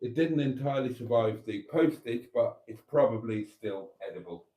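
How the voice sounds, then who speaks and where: Chatty live-stream host, male, mellow and warm, rambles freely. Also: mid-range voice, moderate pace. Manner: rambling, chatty, laughs easily. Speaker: channel host. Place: motorhome.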